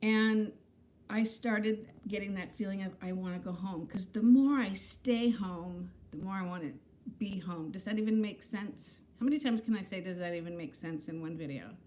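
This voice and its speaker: A woman in her fifties talks to her livestream viewers from home at a middle pitch. Her manner is candid, chatty and self-deprecating, and she greets viewers by name as she goes. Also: normal speed, a little mellow. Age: 50s. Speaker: livestream host. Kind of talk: casual live-stream chat.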